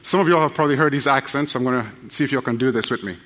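A man preaching a sermon, joking with the congregation and then reading scripture quickly. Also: mid-range voice, a bit bright, big-room sound. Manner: folksy, joking, addresses the crowd directly.

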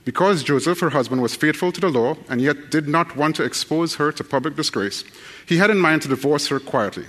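A man's voice: a little high, brisk, a bit bright, in a large hall. Folksy preacher man. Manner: folksy, joking, addresses the crowd directly. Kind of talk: sermon with fast scripture reading.

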